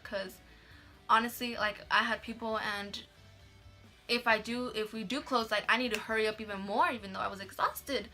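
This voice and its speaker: A woman's voice: fairly high pitch, steady tone, normal speed, pushed and bright, soft background music. A young woman vlogger telling a story in casual chat. She swears freely, says "like" constantly and drops in Spanish words.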